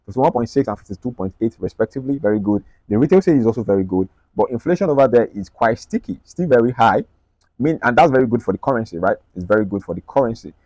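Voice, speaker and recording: A man walking viewers through his market analysis on screen, talking quickly and checking in with them often. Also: mid-range voice, lively intonation, warm tone, no echo. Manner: rapid, repetitive, checks in with "right?" and "okay?". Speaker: trading analyst.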